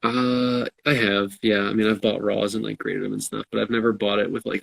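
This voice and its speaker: Man, low voice, heavy vocal fry, husky, flat delivery, casual chat, dry sound. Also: fairly quick, no echo, poor audio. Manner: laid-back, self-deprecating. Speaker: co-host answering viewer questions. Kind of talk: casual live-stream chat.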